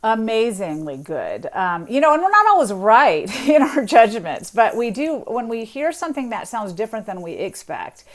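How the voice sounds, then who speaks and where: A woman's voice: fairly high pitch, very animated, normal speed, hardly any pauses. A woman, a linguist and author, explains on a radio interview in a chatty way, imitating accents as she goes.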